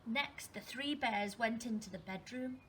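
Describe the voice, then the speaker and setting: A woman teacher reading a storybook to young children, expressive and asking them questions as she goes. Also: a little high, measured pace, slight background noise. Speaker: primary school teacher.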